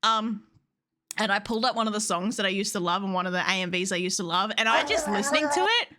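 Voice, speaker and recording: A young adult woman chatting casually on a livestream, excitable, laughing often and swearing freely. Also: mid-range voice, quick pace. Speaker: streamer.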